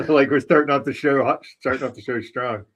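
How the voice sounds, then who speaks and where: Podcast host, man, relaxed and joking, mid pitch. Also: measured pace. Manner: laid-back, joking. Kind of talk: casual chat.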